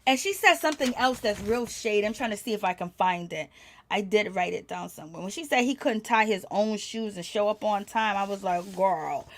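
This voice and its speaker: A woman giving animated gossip commentary, reacting with exclamations as she recaps a show. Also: mid-range voice, a little fast. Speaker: commentary channel host.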